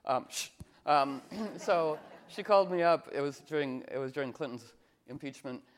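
A man's voice: fairly high pitch, moderate pace. A man giving an informal spiritual talk as a teacher, telling playful stories and acting out the voices of people he quotes.

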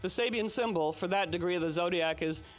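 Male host, animated storyteller, high voice, chatty asides. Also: brisk. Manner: chatty, animated, frequent "you know" asides. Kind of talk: casual spoken storytelling talk.

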